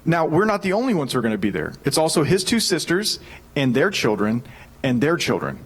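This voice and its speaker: A man in his thirties preaching with lively, storytelling energy. His voice sits a little higher than most men's, and he jokes with the congregation as he goes. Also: a little fast, breathy edge. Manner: energetic storytelling, animated and joking. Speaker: pastor. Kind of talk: sermon.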